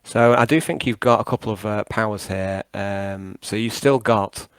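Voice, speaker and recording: A man's voice: lowish voice, moderate pace, smooth, no echo. A man running a tabletop game over a call, rambling and hesitant with many fillers and restarts. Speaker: game master.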